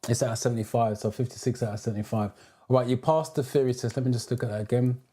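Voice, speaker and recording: This is a British man running a live driving theory Q&A. His voice sits at a middling pitch with a dark, mellow tone. He welcomes viewers one by one and answers their questions as he reads their messages out. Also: steady tone, rapid-fire, slightly rough. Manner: reads out viewer comments and greets them by name. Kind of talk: live-stream Q&A.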